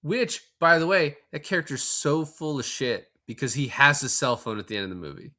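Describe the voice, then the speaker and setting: A man's voice: a little high, a little fast, bright, forceful tone. A man co-hosting a podcast, chatting casually about a movie and swearing freely as he retells scenes. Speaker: podcast co-host. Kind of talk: casual film-review chat.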